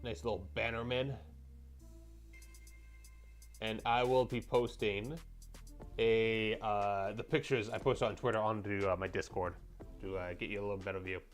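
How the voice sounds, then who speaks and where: A man's voice: fairly low pitch, level tone, measured pace, long pauses, faint music behind. A young man livestreaming as he paints miniatures, rambling and joking with his chat.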